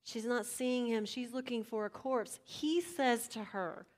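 Woman preacher, fairly high voice, conversational sermon with sudden drops to a hush. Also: a little slow. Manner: swings between loud emphasis and hushed near-whispers; conversational, asks the audience direct questions.

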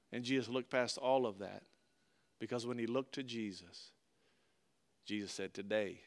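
A male preacher giving a sermon, reading scripture aloud and then explaining it in an earnest, conversational way. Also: medium pitch.

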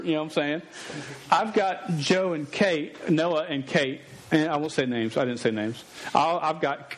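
A man in his forties preaching, telling a family story with jokes, frequent stammers and restarted words. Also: fairly high pitch. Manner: stammering, joking and animated, often restarting words. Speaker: pastor. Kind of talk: sermon with a storytelling aside.

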